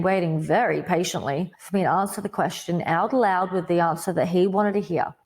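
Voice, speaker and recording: A woman with an Australian accent tells her faith testimony on a podcast, her voice sitting a little low for a woman. She tells it vividly and dramatically, leaning on "like" and breaking into sudden loud bursts. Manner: vivid storytelling, says "like" a lot. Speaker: podcast guest.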